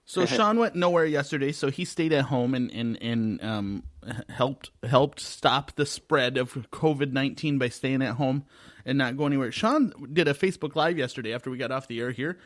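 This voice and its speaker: A man's voice: mid-range voice, expressive, moderate pace, no room sound, clean studio sound. A man hosting a podcast, teasing his co-hosts in a casual chat. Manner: friendly, teasing, leads the talk. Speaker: podcast host.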